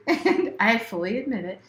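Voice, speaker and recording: A woman's voice: a little high, fairly bright tone. Laughing blunt woman in an echoey room. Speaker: podcast co-host. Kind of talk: casual chat. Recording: echoey room with faint noise.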